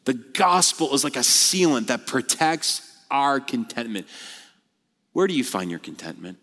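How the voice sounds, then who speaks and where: A man preaching a sermon as a pastor, animated and blunt, mixing scripture with casual slang. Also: mid-range voice, a little slow, long reverb tail.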